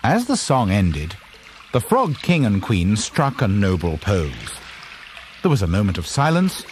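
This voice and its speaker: A man reading a children's storybook aloud in a lively, expressive scripted narration. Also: fairly low pitch, background noise. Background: background music.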